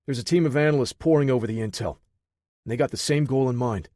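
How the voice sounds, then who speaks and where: A man voicing a level-headed male military operative who speaks calmly and firmly. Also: mid-range voice, fast, no echo, clean studio sound, voice pushed up, lightly acted.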